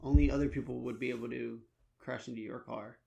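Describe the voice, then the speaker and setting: A man's voice: medium pitch, steady tone, quick pace, creaky, mellow. A man in his twenties co-hosting a podcast, laid-back and swearing freely. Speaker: podcast co-host. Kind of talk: casual chat.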